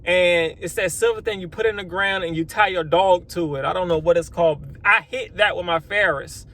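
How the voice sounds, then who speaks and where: A man who runs a lawn care business, chatting casually to the camera outdoors, rambling and animated as he acts out his own reactions. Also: sits high, moderate pace. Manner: swears then apologizes. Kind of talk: casual vlog storytelling.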